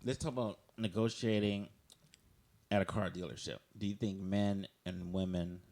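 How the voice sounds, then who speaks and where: A man's voice: fairly low pitch, steady tone, moderate pace, a little mellow. Man asking questions on a podcast. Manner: asks questions, affirms often with "right". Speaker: podcast co-host. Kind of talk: casual podcast chat.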